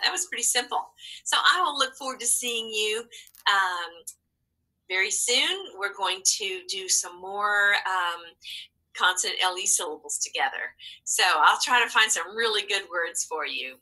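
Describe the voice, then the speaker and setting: A woman's voice: mid-range voice, measured pace, pushed and bright, poor audio. A woman teaching a phonics lesson to children, speaking patiently and coaxing answers with prompts and praise.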